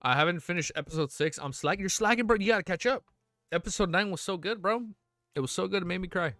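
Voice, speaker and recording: A man's voice: high-pitched, fast talker, pushed and bright, no room sound, studio quality. A young man streaming, reading a novel aloud and breaking off to react emotionally, casual and swearing.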